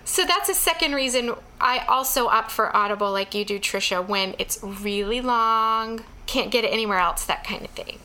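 Woman w/ a kinda little-girl sounding voice, a bit high, giggles a lot, just chatting. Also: normal speed, few pauses. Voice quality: youthful, girlish-sounding voice. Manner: giggly, relaxed. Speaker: podcast co-host. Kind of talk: casual chat.

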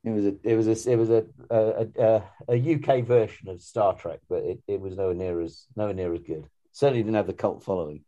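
A man's voice: fairly low pitch, fairly even intonation, fairly quick, hardly any pauses, mellow, dull audio. A man co-hosting a casual podcast, talking in rambling sentences full of restarts and fillers. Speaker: podcast co-host.

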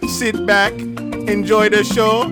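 A man's voice: sits high, little pitch movement, loud music behind the voice, pitched above the performer's own voice. A man doing a sing-song put-on Jamaican drawl. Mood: hyped. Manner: sing-song, drawn-out, tacks "man" onto lines. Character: laid-back man with a put-on Jamaican accent. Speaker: podcast host.

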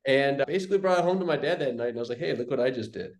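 Rapid-fire and mid-range in voice, a young real estate investor on an interview show casually narrates a story, animatedly performing the quoted dialogue. The audio carries a roomy echo.

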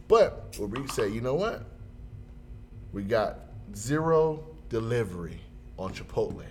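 Male co-host, lively swooping delivery, casual story with a faint noise bed. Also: a little slow. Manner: animated, jumps into high voices for quoted people.

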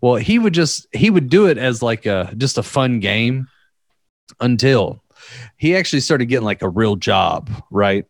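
A man's voice: mid-range voice, big pitch swings, a little slow, no room sound. A young man chatting casually, rambling through a story, often laughing and acting out the quotes. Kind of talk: casual podcast chat.

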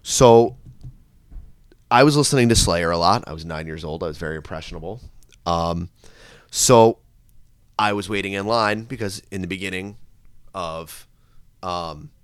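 A man telling a long, profane story on his podcast, animated, with sudden loud rants. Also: deep voice, moderate pace, long pauses, clean tone, dry recording, studio quality. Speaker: podcast host. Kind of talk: casual storytelling chat.

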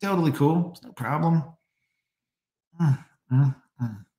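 A man's voice: fairly high pitch, measured pace, dark tone. A man talks to his live chat in a sarcastic, mocking way, with a slightly raised voice. The sound is roomy and echoey. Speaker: streamer reacting to clips. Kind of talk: casual live-stream commentary.

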